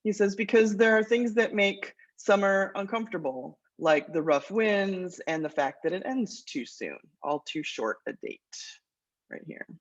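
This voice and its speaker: A woman, a college English teacher lecturing her class and reading verse aloud in a measured rhythm. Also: mid-range voice, animated. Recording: dull lo-fi lecture recording.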